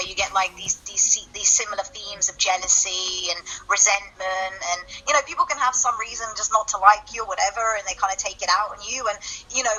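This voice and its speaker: A woman's voice: medium pitch, pushed and bright, breathy edge, rough recording. A woman from the United Kingdom with a British accent, a podcast guest talking earnestly and chattily, with many restarts. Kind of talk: casual chat.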